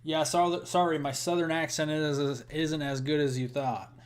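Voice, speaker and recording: A man's voice: a little high, flat delivery, moderate pace. A young man with a Midwestern American accent talks on a live weather stream. His voice sits a little above most men's, and he keeps a loose, chatty flow as he thanks viewers and runs through storm and snow details. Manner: chatty, thanks donors, rattles off forecast details. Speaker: weather livestream host.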